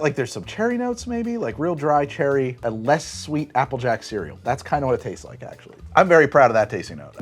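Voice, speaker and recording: A man hosting a casual drink tasting review, wry and deadpan with frequent laughs. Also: mid-range voice. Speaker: host.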